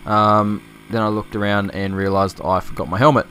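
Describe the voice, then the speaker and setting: Australian man, lowish voice, loose swearing motovlog chatter, faint outdoor noise behind. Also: fairly even intonation, normal speed, pushed and bright. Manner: rambling, laughing, swearing freely. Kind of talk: casual vlog chat while riding. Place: outdoors on a motorbike. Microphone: chest-mounted camera.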